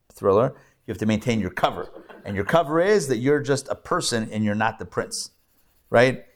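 A rabbi, a man, teaching a live class to a group and telling a story with playful asides and jokes. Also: medium pitch. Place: classroom with audience.

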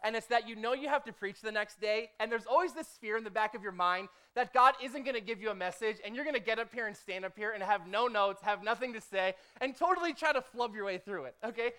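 This is a pastor with a clear, smooth voice at an ordinary middle pitch, giving a sermon in a relaxed, talkative way. They tell a personal story and act out the prayers they spoke to God. They keep checking in with the listeners by asking "okay?" and "right?". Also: fast, few pauses. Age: adult, formerly a motivational speaker. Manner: conversational, punctuates with "okay?" and "right?"; lively storytelling, acts out own quoted prayers.

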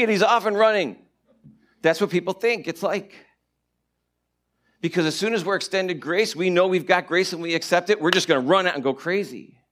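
A man preaching a sermon and teaching from the Bible, animated, swinging between loud stretches and hushed asides. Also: high-pitched, brisk. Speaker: pastor.

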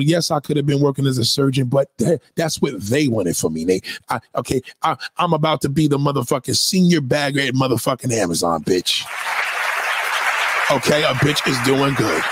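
A man voicing a brash, profane woman from New nearing sixty, who rants at the viewer in a loud, boastful, rambling comic monologue. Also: medium pitch, expressive, brisk, breathy edge, no echo, some chatter behind.

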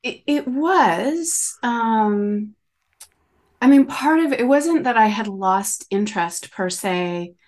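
Chatty woman, rambling and animated. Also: fairly high pitch, takes it slowly. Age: middle-aged. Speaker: podcast guest, coach. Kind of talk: conversational interview.

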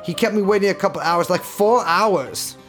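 A man's voice: high-pitched, normal speed, a bit bright, faint music behind. A man doing a cagey Russian-accented bodyguard. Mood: matter-of-fact. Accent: put-on Russian, slipping toward German and Polish. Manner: broken English, defensive, denies everything. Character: male Russian bodyguard and trainer, evasive. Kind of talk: comedic reenactment of an interview transcript.

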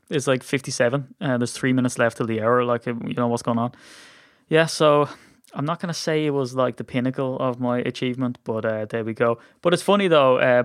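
In a casual sports podcast chat, an Irish-accented host rambles and runs himself down, using plenty of fillers. His medium pitch is a bit bright, and the recording is dry and studio clean.

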